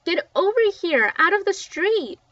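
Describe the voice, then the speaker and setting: A woman voicing an urgent male street kid who shouts loudly, recorded dull and a little distant from the mic. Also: very high voice, sing-song, unhurried, no room sound, voice pushed up, full character voice.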